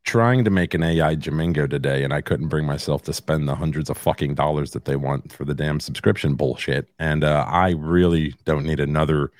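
A man's voice: rumbling low, brisk, few pauses, dry recording. A man co-hosting a casual podcast chat, dry and teasing. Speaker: podcast co-host.

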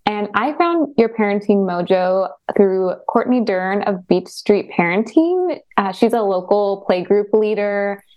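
A woman co-hosting a casual podcast conversation, speaking in a friendly, measured way. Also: medium pitch, darkish tone. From Portland, Oregon. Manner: friendly, measured, a bit scripted. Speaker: co-host asking questions.

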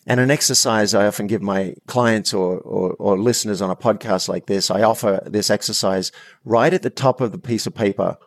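Aussie guy in his 50s, lowish voice, dry close sound, tells stories earnestly and restarts a lot. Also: fairly quick, dry recording. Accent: Australian. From Australia. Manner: earnest, animated storyteller with frequent restarts. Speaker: coach and podcast guest. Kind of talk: storytelling in a podcast interview.

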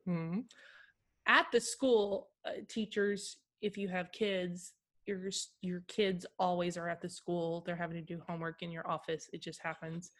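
A woman's voice: lowish voice, level tone, moderate pace. A woman who works in school IT support, casually telling funny stories and laughing often. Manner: chatty, giggly storyteller. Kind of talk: casual podcast chat.

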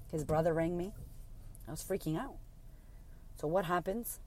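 A woman's voice: lowish voice, normal speed, long pauses, a little mellow, slight background noise. A woman in her thirties hosting a podcast, retelling a painful personal story in a raw, emotional way with frequent swearing. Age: 30s. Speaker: podcast host.

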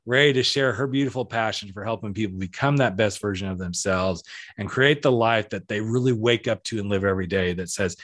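Excited man hosting a podcast, dry sound. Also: normal speed, dry recording. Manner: enthusiastic, animated quoting with big pitch jumps. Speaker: podcast host. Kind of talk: casual podcast interview.

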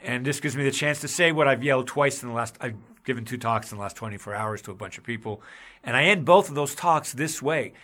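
A man's voice: mid-range voice, fast talker, bright, forceful tone. A man hosting a podcast in casual talk, emphatic and getting heated, with frequent restarts. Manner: emphatic, gets heated and raises his voice. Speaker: podcast host. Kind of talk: casual chat about law.

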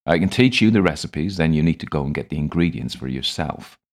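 A blunt old apothecary with a West Country lilt, as a man puts him on for an audiobook, measured and stern in how he explains things. The voice sits extremely deep, raised only a little above the reader's own. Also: expressive. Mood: explaining. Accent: West Country English. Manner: measured, stern and matter-of-fact. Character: gruff grey-bearded old male apothecary, curious and blunt. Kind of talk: audiobook character voice.

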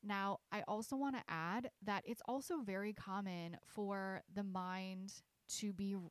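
A woman's voice: mid-range voice, measured pace, no room sound. A woman hosting her own podcast, earnestly explaining her coaching sessions with frequent "like" and small restarts. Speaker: podcast host and intuition coach.

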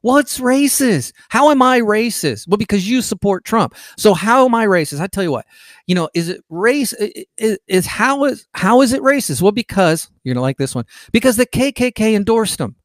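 In a clean, studio recording with no room sound, a high-pitched man with big pitch swings speaks at a moderate pace. Hosting his podcast from his sickbed, he delivers an indignant, sarcastic political monologue full of restarts, mocking opponents in quoted voices.

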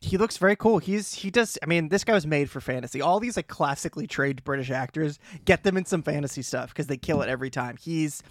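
A man co-hosting a podcast, chatty and opinionated as he argues his views on a TV episode. His voice sits fairly high, and the recording is dry and close. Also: fast talker, few pauses, no room sound. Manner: chatty and opinionated, argues points, laughs along. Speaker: podcast co-host. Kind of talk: casual chat recapping a TV episode.

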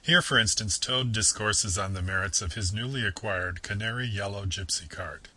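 A man giving a measured, formal scripted lecture on literature. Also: fairly low pitch, sharp tone, slightly rough, rough recording.

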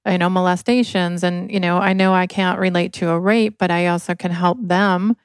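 A woman's voice: fairly low pitch, little pitch movement, moderate pace, clean tone, no room sound. A woman from Michigan, an interview guest, telling her life story earnestly and with emotion. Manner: earnest, emotional, acts out quoted voices. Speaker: podcast guest, inventor.

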